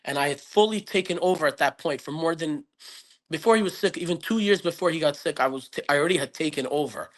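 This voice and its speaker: This man talks fast, his voice a little high with a fairly bright tone. Appearing as a podcast guest, he tells a personal story earnestly and reflectively, wandering and restarting again and again as in casual interview storytelling.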